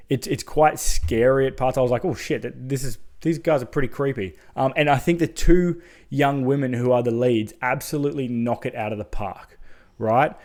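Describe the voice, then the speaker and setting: Excitable swearing man reviewing horror films. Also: mid-range voice. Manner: enthusiastic, swears freely, chatty asides. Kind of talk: casual spoken film review.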